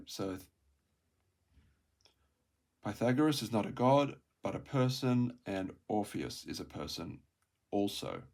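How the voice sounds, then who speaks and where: A man reading through a Greek textbook aloud, sounding out words slowly, repeating them and correcting himself, with quiet asides. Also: lowish voice, gravelly. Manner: thinks aloud with soft asides.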